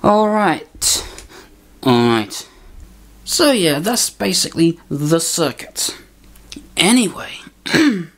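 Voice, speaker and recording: A woman with a lowish voice mutters her way through a casual tinkering vlog, grumbling and poking fun at herself. She takes her time, drawling her words slowly and unhurriedly. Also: lively intonation. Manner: grumbling, self-mocking muttering. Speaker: video maker.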